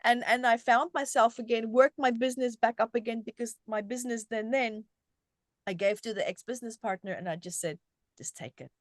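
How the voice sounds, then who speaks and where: A middle-aged woman from South Africa, a guest telling her story in an animated, conversational way, often restarting her sentences. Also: a little high, a little fast, dry recording, clean studio sound. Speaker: guest, self-help author.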